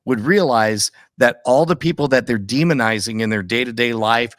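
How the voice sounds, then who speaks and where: A man co-hosting a podcast, reflecting casually and haltingly on an old sitcom. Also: mid-range voice, fairly bright tone, no echo, studio quality. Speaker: podcast co-host. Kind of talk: casual chat about a TV episode.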